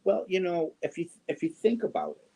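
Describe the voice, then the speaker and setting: Mellow-voiced man chatting while crocheting. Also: fairly high pitch, a little fast, creaky. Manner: chatty, reads viewer comments aloud and coos to his cats. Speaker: crochet livestream host. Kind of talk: casual chat while crocheting.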